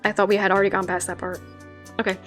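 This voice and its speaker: A woman's voice: medium pitch, little pitch movement, racing. A woman streamer chatting casually between karaoke songs, self-mocking and laughing at her own attempts. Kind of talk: casual karaoke livestream chat. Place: indoors, keeping quiet for people nearby. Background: faint karaoke backing music.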